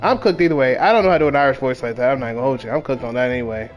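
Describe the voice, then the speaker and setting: A man's voice: medium pitch, very fast, hardly any pauses, faint music behind. A man streaming a game, chatting casually between lines with slangy, self-deprecating jokes. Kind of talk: casual gaming commentary.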